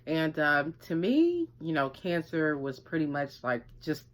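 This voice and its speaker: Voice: mid-range voice, sing-song, measured pace. A survivorship coach telling a personal story in loose, casual talk, rambling with lots of fillers and acting out quoted speech. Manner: rambling, many "like" and "you know" fillers, acts out quoted speech.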